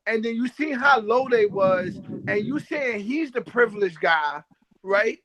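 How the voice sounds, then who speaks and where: Very high-voiced man challenging hard. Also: expressive, unhurried, crowd noise, low-quality recording. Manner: interrupting, challenging, repeats "time out". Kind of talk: heated debate on a livestream.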